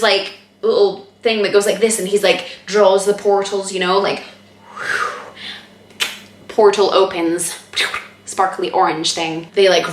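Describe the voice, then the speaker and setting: A woman's voice: medium pitch, fairly bright tone. A woman giving a casual spoken movie review, rambling and sarcastic, leaning hard on filler words and laughing mid-sentence. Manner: rambling and sarcastic, heavy on "like" and "freaking". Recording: echoey room.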